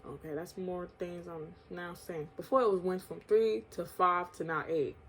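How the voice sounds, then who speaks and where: A woman's voice: on the low side, steady tone, normal speed, husky. A woman from New York telling a candid, slangy storytime vlog, swearing often and laughing between lines. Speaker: vlogger.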